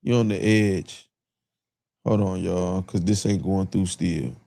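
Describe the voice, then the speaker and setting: A man's voice: deep voice, fairly even intonation, slow pace, vocal fry, mellow. A man hosting a casual livestream, talking loosely to his chat, repeating himself and laughing often. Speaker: livestream host.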